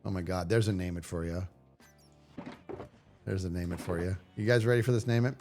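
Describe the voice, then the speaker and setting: A man streaming a video game live, chatting casually with viewers and yelling playfully at the enemies on screen. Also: low voice, steady tone, brisk, soft background music. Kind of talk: casual live gameplay commentary.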